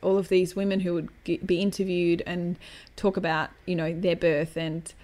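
A woman's voice: fairly low pitch, moderate pace. A woman in her thirties chatting on a podcast, telling a story with acted-out quotes and casual swearing. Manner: storytelling, animated, acts out quotes; swears casually, self-mocking humor. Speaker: podcast co-host. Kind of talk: casual chat.

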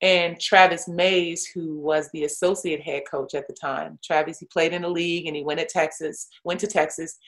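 A woman's voice: normal speed, hardly any pauses, low-quality recording. A woman, a retired pro athlete turned coach, telling a story casually with lots of "like" and "you know" fillers. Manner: animated, acts out others' voices with big pitch jumps.

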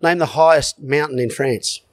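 A man's voice: a little high, normal speed. An Australian man hosting a casual sports chat, talkative and joking, quizzing a guest. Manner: chatty, jokey quizmaster. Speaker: podcast host.

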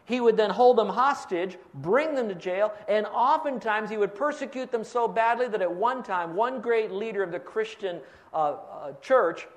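High-voiced man preaching a sermon. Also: animated, moderate pace. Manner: teaching, quizzing the congregation for fill-in answers. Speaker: pastor.

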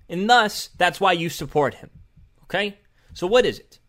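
A man's voice: sits high, lively intonation, normal speed, pushed and bright. A man hosting a political commentary show, arguing in a sarcastic, combative way and now and then mocking the other side in a put-on voice. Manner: argumentative, sarcastic, mocking mimicry of opponents. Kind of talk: opinion commentary over video clips.

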